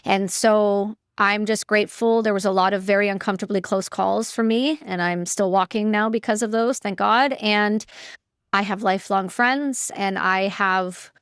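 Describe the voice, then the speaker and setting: A woman's voice: mid-range voice, steady tone, normal speed, fairly bright tone, clean tone, no echo, studio quality. A woman, a guest telling her story in a candid, chatty way with casual fillers. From Canada. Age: 30s. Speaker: guest, military veteran.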